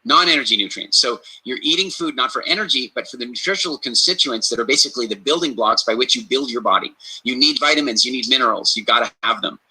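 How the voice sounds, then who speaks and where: A man giving health advice on a podcast in an energetic, emphatic conversational way, repeating key phrases for stress and acting out little stories. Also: mid-range voice, fast, husky, poor audio. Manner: storytelling, acts out quoted reactions.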